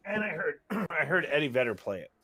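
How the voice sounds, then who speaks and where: A man's voice: fairly high pitch, big pitch swings, fairly quick, vocal fry, pushed and bright, husky, no room sound. A young man as a podcast guest, chatting in a laid-back, loose way with casual swearing. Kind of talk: casual chat.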